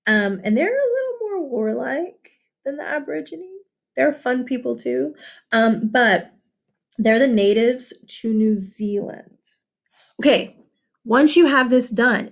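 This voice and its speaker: A woman teacher talks through a vocabulary worksheet with her students. Her delivery is loose and conversational, with plenty of fillers and quick check-ins. She sounds like she is recording a lesson for her class. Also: a little high, expressive, creaky. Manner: casual, chatty, with many fillers and tag questions.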